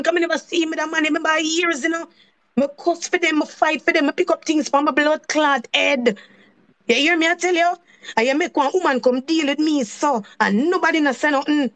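High-voiced Jamaican woman ranting heatedly. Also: a bit bright. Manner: heated, repetitive, swears in patois. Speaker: channel host. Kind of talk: live-stream storytelling rant.

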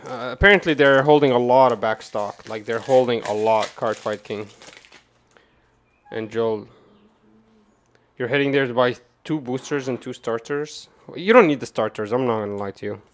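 A man giving casual, rambling commentary to his chat while opening card boxes, swearing and jumping from calm talk to loud rants. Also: medium pitch, moderate pace. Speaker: card game streamer.

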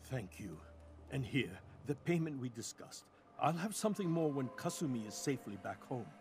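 A man's voice: medium pitch, sing-song, normal speed, a little mellow, a little hiss or hum, close to an everyday voice. A man playing an anxious game father. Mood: worried. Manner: anxious, earnest. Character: worried father sending help after his daughter. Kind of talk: game character dialogue.

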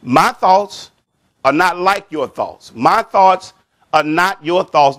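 Slow, emphatic preaching pastor, a man. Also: expressive, fairly bright tone. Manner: repeats and stresses key words, stretching scripture phrases slowly; drops pitch and volume at the end of a point. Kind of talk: sermon.

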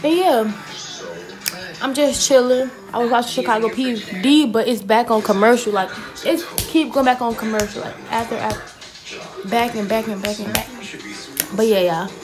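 A woman's voice: a little high, moderate pace, music in the background. A young woman, chatting casually to her viewers in a get-ready-with-me vlog from her bedroom, recorded on a phone. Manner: chatty, slangy, talks straight to viewers. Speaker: vlogger. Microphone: phone camera.

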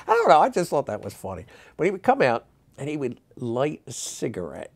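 Gravelly older man telling stories. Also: a little high, fairly quick. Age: 60s. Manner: animated, rambling with many fillers and restarts. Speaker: magic historian. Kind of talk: interview storytelling.

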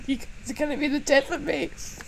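A woman's voice: sits high, vocal fry. A young woman streaming a game live, chatting away, easily startled and laughing often. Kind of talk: live gaming commentary.

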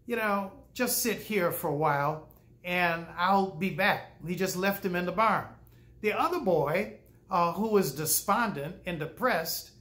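An older man, a pastor, telling stories in a sermon with a folksy manner, pausing often and acting out quoted speech. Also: high-pitched, a bit bright. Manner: folksy, with frequent "uh" pauses and acted-out quotes. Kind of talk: storytelling sermon.

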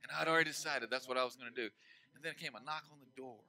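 A pastor preaching a sermon, swinging between loud emphatic declarations and hushed asides, and stretching key phrases out slowly. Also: male voice, mid-range voice, creaky, poor audio.

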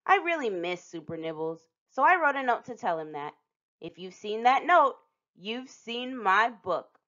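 A woman reading a picture book aloud to children as a storytime host, expressive and lingering on some phrases with dramatic pauses. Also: a little high. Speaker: storytime reader. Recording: dull lo-fi recording.

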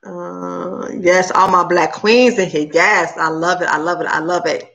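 A woman hosting a livestream, chatting casually with her viewers and talking very fast. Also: lowish voice, fairly even intonation, gravelly, fairly bright tone. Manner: talks very fast; chatty and upbeat, addresses viewers as "y'all". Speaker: cooking channel host on a livestream. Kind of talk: casual chat with live viewers.

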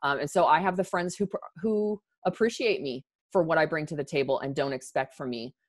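Her voice sits low and her pace is brisk as this thirtysomething podcast guest talks candidly. Emotional and near tears, she presses her points earnestly and keeps starting her sentences over.

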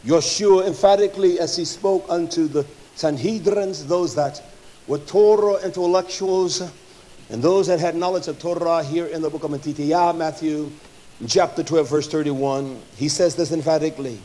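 A man preaching a fervent sermon, swinging from loud, forceful passages to low, quiet stretches, with many filler sounds between phrases. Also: moderate pace. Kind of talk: fiery sermon.

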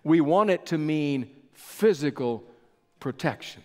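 A male pastor preaching a sermon in a measured storytelling style with dramatic pauses, in a large church sanctuary. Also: fairly high pitch, lively intonation. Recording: echoey church hall with long reverb.

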